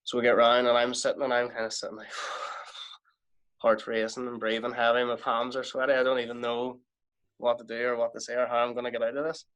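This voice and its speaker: Male wrestler, podcast guest, animated storyteller, mid-pitched voice. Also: fast. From Ireland. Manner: animated, lively anecdote telling with quoted exchanges. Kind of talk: casual storytelling.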